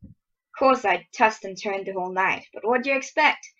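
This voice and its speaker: A woman's voice: medium pitch, normal speed, a bit bright, muffled recording. A woman reading her own story aloud in first person, casual and stumbling over words now and then, recorded on a handheld voice recorder. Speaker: amateur story reader.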